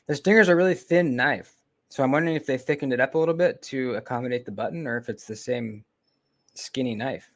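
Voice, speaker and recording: A man hosting a casual livestream, talking in a relaxed, rambling way with frequent pauses, fillers and trailing-off remarks, close to a desk mic. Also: mid-range voice. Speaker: knife channel host.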